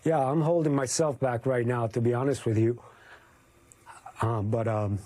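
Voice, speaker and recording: A male photojournalist giving an interview, telling his story in a halting, emotional way. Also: mid-range voice, fairly even intonation, warm tone. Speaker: news photojournalist guest. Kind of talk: interview recollection.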